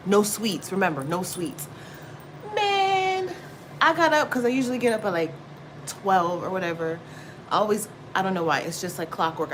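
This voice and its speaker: A woman hosting a tarot stream, talking casually and bluntly to her viewers with lots of swearing and quick asides. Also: lowish voice, rough recording. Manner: blunt, profane, chatty, laughs and exclaims often. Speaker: tarot reader livestream host. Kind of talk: casual spiritual talk to viewers. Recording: steady background noise.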